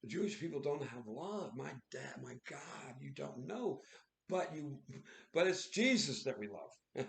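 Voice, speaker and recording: Excitable male streamer, casual commentary, recorded in an echoey room. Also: mid-range voice, unhurried, gravelly. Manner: excitable, exclaiming, laughing often. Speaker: livestream host.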